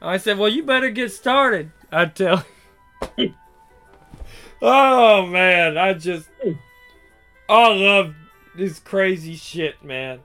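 A man's voice: sits high, slow pace, pauses often, pushed and bright, faint music behind. A young man telling workplace stories casually, swearing freely and acting out what each person said. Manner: profane, acts out quoted dialogue. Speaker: storyteller. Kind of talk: casual storytelling.

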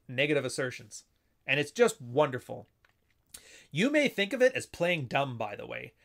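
A man's voice: a little high, fairly bright tone. A man giving casual, unscripted commentary, often acting out little dialogues in shifting voices. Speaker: commentator explaining assertiveness techniques.

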